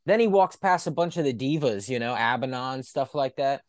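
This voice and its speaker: A man co-hosting a casual comedic wrestling podcast, telling a joke scenario with animated storytelling and acting out quoted lines. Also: mid-range voice, moderate pace, no room sound, clean studio sound. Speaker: podcast co-host.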